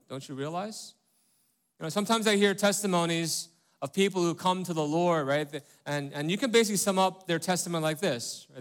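A man's voice: medium pitch, fairly bright tone, clear, resonant tone. A man preaching a sermon as pastor, talking in a conversational way and asking rhetorical questions, often checking in with "right?" and "okay?".

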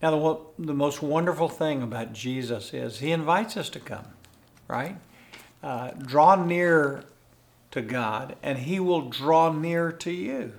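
A man's voice: fairly high pitch, animated, unhurried, gravelly. An older man hosting a faith podcast, teaching in a conversational, earnest way and chuckling often. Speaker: podcast host and pastor.

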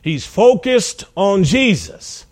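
Male preacher, higher register, storytelling sermon that swells to emphatic peaks. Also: very animated, takes it slowly. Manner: storytelling, acting out voices of biblical figures; rises to loud, emphatic peaks.

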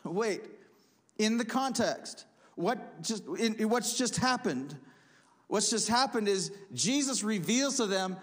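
A man preaching a sermon, reading scripture aloud and explaining it with animated emphasis. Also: sits high, slow pace. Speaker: pastor.

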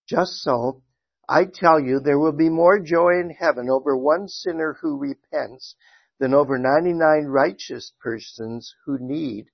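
In a church classroom, a man with a higher voice leads a Sunday school lesson, chatting with plenty of fillers and restarts before reading scripture and praying. The audio has no room sound and the highs are cut off.

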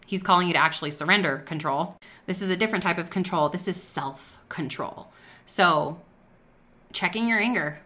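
A woman's voice: on the low side, moderate pace, pushed and bright. A woman hosting a faith-based business talk, speaking earnestly and conversationally and sharing personal stories. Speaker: podcast host.

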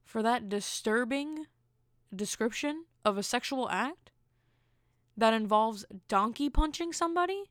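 A woman's voice: on the high side, animated, a little slow, no room sound, studio quality. A woman hosting her own podcast, telling stories in a blunt, candid way with incredulous asides. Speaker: podcast host. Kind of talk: casual solo podcast monologue.

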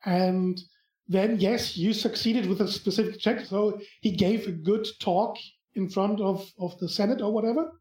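A man with a German accent, a podcast guest in casual chat, talking in a halting way as he searches for words. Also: high-pitched, fairly even intonation, darkish tone. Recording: echoey room.

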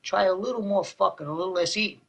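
A profane, hot-headed brother. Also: male voice, high-pitched, creaky, a bit bright, exaggerated voice. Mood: contemptuous. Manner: profane, rapid-fire, combative ranting. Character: hot-tempered younger brother, mobbed-up, defensive. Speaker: film character.

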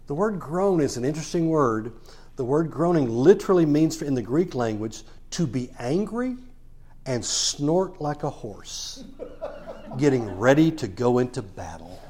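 A man preaches a sermon in a husky voice, his pitch swinging widely as he retells a Bible story. He acts out the quoted lines and talks the story through in a plain, conversational way. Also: lively intonation, a little slow, mellow.

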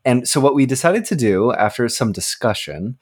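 A man's voice: medium pitch, lively intonation, normal speed, slightly rough. Guy recapping board games on a podcast, lots of ups and downs in his voice, upbeat. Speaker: podcast co-host, game designer. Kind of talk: casual podcast chat.

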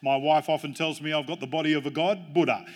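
A man's voice: fairly high pitch, steady tone, fast talker. A man preaching a sermon as pastor, mixing jokes and family stories with emphatic, rising points. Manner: jokey, storytelling preacher with emphatic rises.

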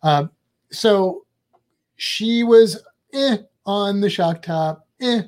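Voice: mid-range voice, extremely slow, a little mellow. Rambling, chatty vlog co-host. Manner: rambling and chatty, with playful asides. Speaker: travel vlogger. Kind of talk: casual chat.

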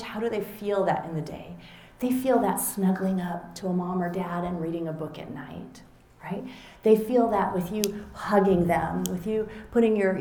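A middle-aged woman author giving a conversational talk to an audience, animated and acting out little quoted exchanges. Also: mid-range voice. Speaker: author and speaker. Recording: roomy echo.

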